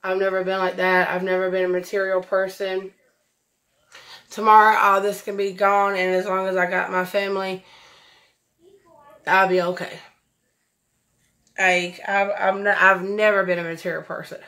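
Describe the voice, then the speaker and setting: A woman's voice: mid-range voice, flat delivery, moderate pace, pauses often, a bit bright. A woman, chatting effusively through a makeup tutorial, recorded at home on a camera mic. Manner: chatty, effusive, says y'all a lot. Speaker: beauty vlogger. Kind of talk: casual makeup tutorial chat.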